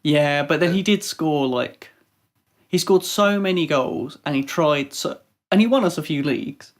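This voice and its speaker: A man's voice: a little high, animated, unhurried. A young man co-hosting a casual football podcast, rambling with lots of "like" and acting out little quotes. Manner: rambling, heavy on "like", acts out quotes. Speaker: podcast co-host, Arsenal fan. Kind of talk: casual chat.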